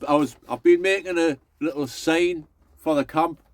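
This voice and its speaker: Middle-aged vlogger, rambling and folksy, talks a touch high, dry and close. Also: male voice, steady tone, normal speed, no room sound. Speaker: allotment vlogger. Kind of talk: casual chatty vlog.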